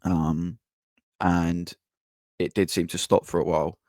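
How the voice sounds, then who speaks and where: Male podcaster, deep voice, blunt and sweary, dry close sound. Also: little pitch movement, a little slow, a little mellow, dry recording. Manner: blunt, swears, frequent ums and restarts. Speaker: podcast host. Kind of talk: casual match-reaction monologue.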